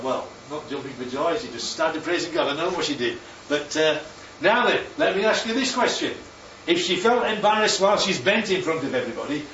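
Guy preaching, lively, keeps asking yeah? right?, echoey hall mic far off, faint room hum. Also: a little high. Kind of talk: sermon. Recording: echoey, distant, dull sound with faint ambience.

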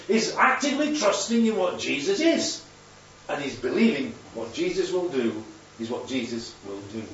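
A man preaching an interactive sermon, animated and quizzing the congregation as he goes. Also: sits high. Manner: animated, asks the congregation questions. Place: church hall. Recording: echoey hall from far off, dull.

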